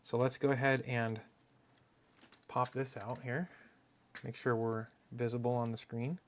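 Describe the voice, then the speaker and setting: A man's voice: medium pitch, fairly even intonation, unhurried, slight background noise. A man casually chatting on a live stream while taking apart hardware, rambling and self-mocking and muttering as he works. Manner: murmurs to himself while working.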